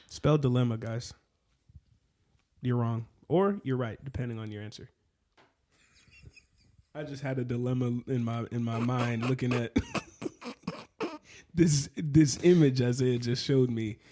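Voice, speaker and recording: A man's voice: medium pitch, unhurried, pauses often, dark tone. A young man co-hosting a casual podcast, talking in a playful, silly way. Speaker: podcast co-host.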